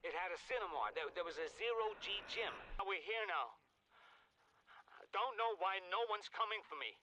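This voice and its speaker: A man's voice: high-pitched, animated, normal speed, bright, forceful tone, a little hiss or hum, poor audio. An actor voicing a frightened male survivor recording logs after a crash on an alien world in a video game. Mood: scared. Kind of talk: voiced game audio logs.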